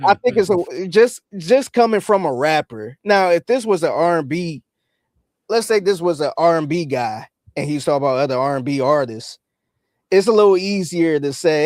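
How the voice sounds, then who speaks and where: A man co-hosting a podcast, talking in a relaxed way and often acting out what others might say. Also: a little high, normal speed, no echo, studio quality. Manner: relaxed, acts out quotes. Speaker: podcast co-host. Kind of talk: casual podcast commentary.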